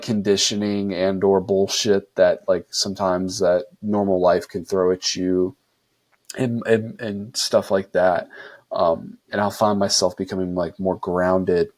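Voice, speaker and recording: A man hosting a podcast in a casual, laid-back way, peppering his talk with "dude" and "like.". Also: deep voice. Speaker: podcast host.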